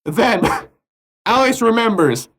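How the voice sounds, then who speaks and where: A man's voice: extremely high pitch, lively intonation, takes it slowly, a bit bright. Young man telling a rambling absurd story. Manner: rambling, laughs through his own story. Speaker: podcast co-host. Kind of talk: casual comedic storytelling.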